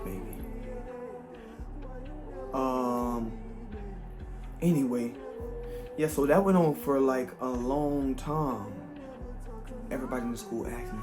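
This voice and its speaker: A young man telling a storytime tale about his own life in loose, slangy talk. His voice sits at an ordinary pitch and jumps up into animated bursts. Music plays clearly behind him. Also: slow, long pauses. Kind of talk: storytime vlog.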